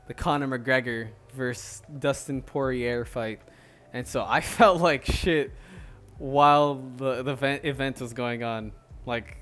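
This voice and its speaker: A man's voice: medium pitch, fairly bright tone, slight background noise. A man hosting a solo podcast, chatting casually in a rambling way with lots of fillers. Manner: rambling, many fillers and restarts, laughs often. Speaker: podcast host.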